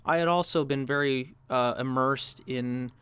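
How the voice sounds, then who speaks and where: A man's voice: medium pitch, measured pace, a bit bright, clean tone, no room sound. A young man hosting a podcast, telling a personal story in a reflective way and often restarting his sentences as he searches for words. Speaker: podcast host.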